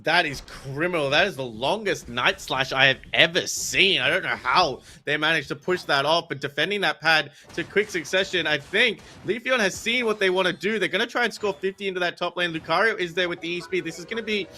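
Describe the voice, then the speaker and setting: A man doing excitable play-by-play commentary for an esports match, calling the action quickly with big swings in his voice. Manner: fast excitable calls with pitch swings.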